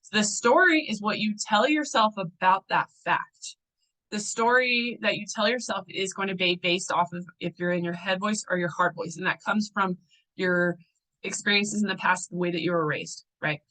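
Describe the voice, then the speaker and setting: A woman's voice: mid-range voice, normal speed, bright, forceful tone, poor audio. A young adult woman coaching a group in a casual teaching talk. She sounds chatty and loose, with fillers and restarts.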